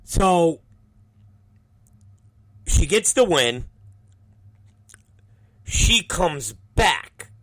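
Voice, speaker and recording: A male show host and wrestling promoter, telling a story casually in a profane, animated way. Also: a little high, extremely slow, pauses often. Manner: animated, profane, acts out the people in his stories.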